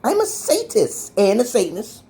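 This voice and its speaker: A man of about fifty from Brooklyn, delivering a mocking, laugh-studded rant to his viewers that swings from loud outbursts to muttered asides. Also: high-pitched, wildly swooping pitch, moderate pace, slightly rough. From Brooklyn, New York. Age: around 50. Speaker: social media commentator. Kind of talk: ranting monologue to viewers.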